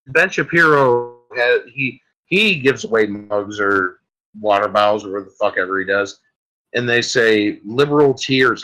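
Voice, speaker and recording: A man's voice: mid-range voice, pushed and bright, rough recording. A man hosting a solo podcast, delivering a rambling, crude comic rant full of swearing. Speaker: podcast host.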